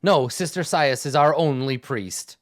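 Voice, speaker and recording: A man's voice: mid-range voice, measured pace, natural voice. A man doing a grumpy sarcastic dwarf soldier. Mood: weary. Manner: gruff, weary, sighing, sarcastic. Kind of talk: tabletop role-play voicing.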